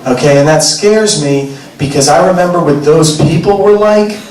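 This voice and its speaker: A man's voice: fairly high pitch, normal speed, a little mellow. A young man doing a wry, casual stand-up comedy set in a comedy club. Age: young adult. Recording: echoey club, distant mic, crowd.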